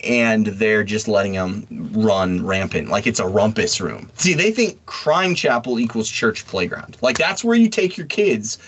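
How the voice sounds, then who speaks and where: A man's voice: on the low side, expressive, unhurried, hardly any pauses, a bit bright, breathy edge. Blunt mocking man chatting. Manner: blunt and mocking, with frequent fillers and laughs. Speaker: podcast co-host. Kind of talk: casual opinionated chat.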